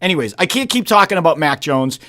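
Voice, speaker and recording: A man's voice: a little high, lively intonation, quick pace, pushed and bright. A man with a Boston accent co-hosting a sports podcast, blunt and ranting. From South Shore of Boston. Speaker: podcast co-host. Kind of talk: casual sports chat.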